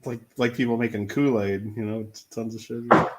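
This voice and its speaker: A man's voice: medium pitch, fairly even intonation, brisk, very noisy. A playful man chatting casually while playing a farming game, often laughing. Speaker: co-streamer. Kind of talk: casual gameplay chat.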